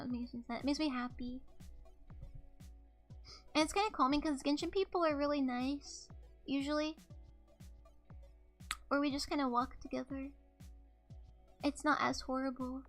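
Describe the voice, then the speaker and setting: A young woman chats with her stream audience in a high, bright voice. She rambles from one thought to the next, giggles, and apologizes often. Quiet music plays behind her. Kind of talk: casual live-stream chat.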